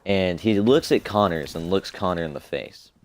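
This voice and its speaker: A young man with a deep, low voice talks through a long personal story. He is casual and profane and rambles between details. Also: lively intonation, normal speed. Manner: rambling, profane, laid-back. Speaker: streamer. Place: home streaming setup.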